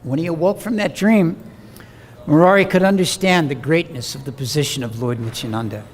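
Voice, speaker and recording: A man preaches and tells a scripture story with animated, dramatic delivery, slipping into the voices of the people he quotes. His voice sits high for a man. The talk rings through a hall with a long reverb and a faint hum underneath. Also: fairly quick.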